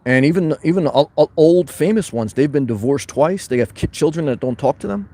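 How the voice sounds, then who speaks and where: A man's voice: a little high, fairly quick. Boisterous man chatting on a livestream. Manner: loud, boisterous, shifting between fired-up and calm. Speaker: livestream host reading chat. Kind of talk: casual livestream chat. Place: his van.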